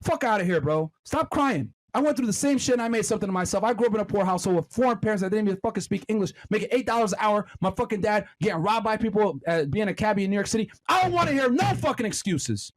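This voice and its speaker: A man's voice: sits high, animated, quick pace, hardly any pauses. A man in his thirties in a played clip, ranting aggressively and swearing heavily. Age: 30s. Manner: aggressive, scolding, heavy swearing; shouts at times. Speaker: podcast host in a played clip. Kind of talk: profane ranting monologue.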